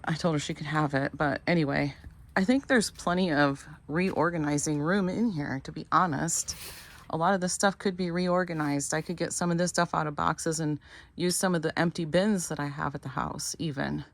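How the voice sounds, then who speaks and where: A woman's voice: low voice, moderate pace. Chatty middle-aged woman vlogging. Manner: rambling, self-correcting, talks to viewers while working. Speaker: lifestyle vlogger. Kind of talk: casual chatty vlog narration. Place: at a storage unit.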